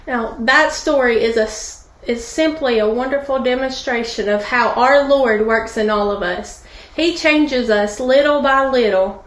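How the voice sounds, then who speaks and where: A woman's voice: on the high side, a little slow, roomy sound. A woman guest speaker telling a sermon story, with preaching asides that call out to listeners. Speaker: guest speaker, pastor's wife. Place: studio.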